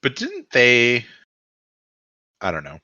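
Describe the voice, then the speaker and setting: A man's voice: mid-range voice, wildly swooping pitch, takes it slowly, bright, forceful tone, dry recording, lo-fi sound. A man co-hosting a podcast in casual political chat, sarcastic and rambling. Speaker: podcast co-host.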